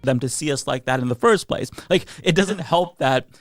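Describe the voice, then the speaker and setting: Male political commentator, earnest and blunt, mid pitch, dry close recording. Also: normal speed, no echo, faint music behind. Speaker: commentator in a played clip.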